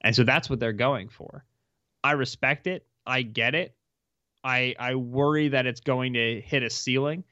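A man's voice: medium pitch, unhurried, bright, forceful tone, no room sound, lo-fi sound. A man co-hosting a casual sports podcast, hedging his points with lots of filler words. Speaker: podcast co-host.

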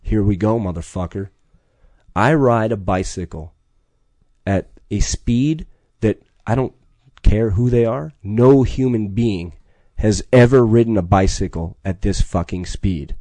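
A man's voice: fairly low pitch, a little slow, mellow, no room sound. A middle-aged man, telling a story in conversation with intense, profane urgency. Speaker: podcast guest.

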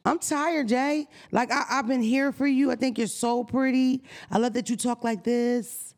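A woman's voice: a little high, steady tone, unhurried, darkish tone. A woman hosting a podcast, ranting brashly and comically with lots of swearing. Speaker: podcast host. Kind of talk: casual podcast chat.

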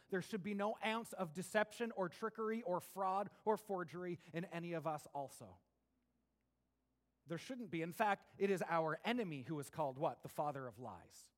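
A man preaching a sermon to his congregation, animated, moving between quiet asides and raised, emphatic passages. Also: high voice. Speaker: pastor.

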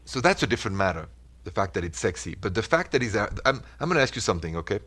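A low-pitched man with a French accent hosts a call-in advice show. He talks in short, earnest, reassuring phrases to a studio microphone. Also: very animated, racing, fairly bright tone. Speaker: radio relationship advice host.

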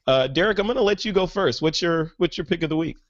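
A man's voice: a little high, expressive, quick pace, dull audio. A man hosting a podcast, chatting casually and with enthusiasm, with lots of fillers. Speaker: podcast host. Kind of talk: casual chat.

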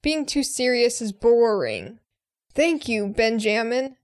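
Female podcast co-host, lively and bouncy, raised pitch, creaky edge, chatty review reader. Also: slow, dry recording, studio quality. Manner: lively, laughs easily. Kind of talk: casual chat reading listener reviews.

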